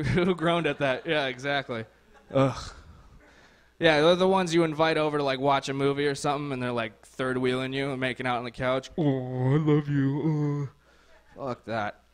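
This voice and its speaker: A man's voice: mid-range voice, a bit bright. A young man performing a stand-up comedy set on a club stage, sardonic and crude, rambling with lots of "like.".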